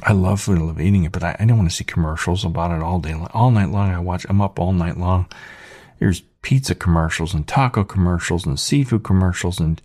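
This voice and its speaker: A man's voice: deep voice, fairly quick, darkish tone, no room sound, studio quality. A man hosting his own channel, ranting sarcastically in a casual monologue. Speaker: channel host.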